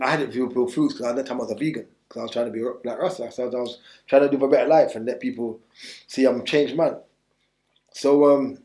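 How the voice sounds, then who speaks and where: A man's voice: mid-range voice, a little mellow, reverberant. A man telling his story bluntly in street slang during an interview, rambling and restarting as he goes. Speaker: interview guest.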